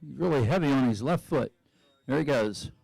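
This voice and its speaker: A man's voice: medium pitch, lively intonation, moderate pace, creaky, darkish tone, dry recording. A man giving live sports commentary who chats and thinks aloud about each skier's options.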